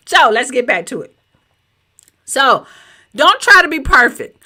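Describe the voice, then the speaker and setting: A woman with a Southern US accent, a business coach in her home office, teaching in a chatty, animated way straight to her viewers over a webcam mic. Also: unhurried, long pauses. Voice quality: a little high-pitched. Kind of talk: live-streamed teaching presentation.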